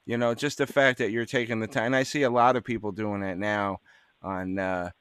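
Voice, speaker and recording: A man's voice: fairly low pitch, little pitch movement, a little fast, fairly bright tone, clean tone, no room sound, studio quality. A man from New Jersey hosting a radio interview, chatty and full of fillers. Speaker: radio show host. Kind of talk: casual interview.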